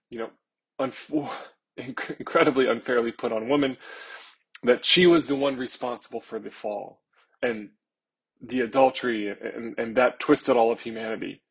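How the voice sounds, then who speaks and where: Male pastor, earnest sermon delivery, gravelly and husky tone. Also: mid-range voice, poor audio. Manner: earnest, stretching key words slowly for emphasis.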